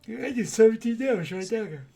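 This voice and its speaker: Animated man running a tabletop game. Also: sits high, fairly quick, creaky. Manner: animated storytelling, loose filler words. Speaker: game master.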